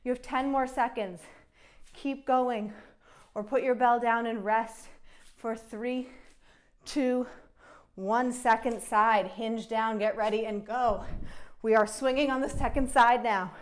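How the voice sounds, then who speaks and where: Breathless young woman coaching a workout while doing it, upbeat cues, countdowns, a bit high pitched. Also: fairly even intonation, slow. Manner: encouraging, counts down reps while exercising. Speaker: fitness instructor. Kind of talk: follow-along workout coaching.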